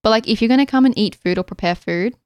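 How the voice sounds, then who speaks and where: A young woman co-hosting a podcast, reading listener messages and chatting in an animated way. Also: fairly high pitch, quick pace, a crowd in the background. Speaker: podcast co-host. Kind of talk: casual chat.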